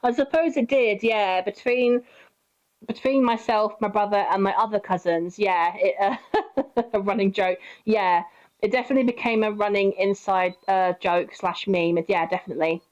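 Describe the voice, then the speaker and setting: A woman's voice: mid-range voice, normal speed, lo-fi sound. Chatty, swearing young woman. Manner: chatty, swears freely, laughs often. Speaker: streamer. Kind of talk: casual storytelling while gaming.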